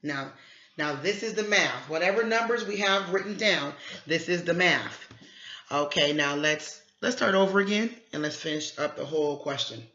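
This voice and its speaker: Homeschool parent teacher, bright forceful tone, echoey home room, slightly dull recording. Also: medium pitch. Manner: encouraging, repeats phrases, quick praise. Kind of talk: coaching a child through word problems.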